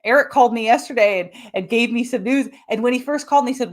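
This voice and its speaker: A woman hosting a live-streamed health podcast, explaining things in a lively way and acting out quick little voices for her examples. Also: a little high. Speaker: podcast host.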